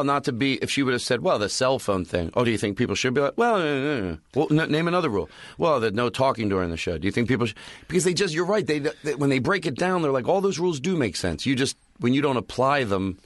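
A man in a close-miked podcast chat, recounting comedy club stories with animated energy. He talks plainly, then works up into loud, ranting bits when he acts out his anger. The sound is dry and close. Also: medium pitch, quick pace, no echo. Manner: animated storyteller, rants loudly when acting out anger. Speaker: stand-up comedian telling stories.

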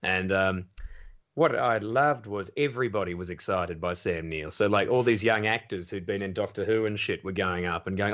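Brief: Australian male comedian, low-pitched, animated storyteller who acts out quotes, dull lo-fi sound. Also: normal speed. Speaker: comedian guest. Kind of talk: casual podcast chat. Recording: dull lo-fi audio.

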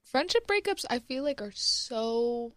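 Giggly young woman, slightly high voice. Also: a little slow, no room sound, clean studio sound. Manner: teasing, giggly, relaxed. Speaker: podcast co-host. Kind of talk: casual chat.

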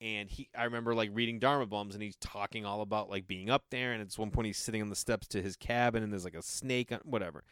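A man's voice: lowish voice, fairly even intonation, quick pace, hardly any pauses, fairly bright tone, smooth, no room sound, clean studio sound. A man telling a rambling story in a casual way, with lots of fillers and some swearing.

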